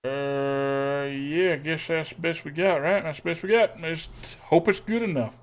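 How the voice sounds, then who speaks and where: A man's voice: fairly high pitch, steady tone, a little slow. Man hamming up a folksy country twang. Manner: joking, self-deprecating asides. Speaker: streamer. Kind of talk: live-streamed card game commentary.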